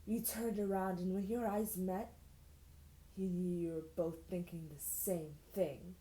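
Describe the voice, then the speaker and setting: Her voice sits on the low side, dark and steady, and she takes her time. This young YouTuber reads old fan fiction aloud in an echoey room, pausing between passages to toss in sarcastic, disbelieving comments.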